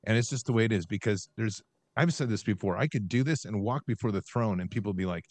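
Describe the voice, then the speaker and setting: A fairly low-voiced man hosting a faith-minded podcast, delivering an emphatic, impassioned rant. He reads scripture aloud with stress on key words. The sound is dry and close. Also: fast, no echo. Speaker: host.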